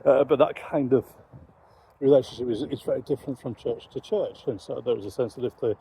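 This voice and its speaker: A man, a Christian commentator, giving measured, reflective commentary on current events. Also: mid-range voice, creaky, dark tone, a little hiss or hum, poor audio.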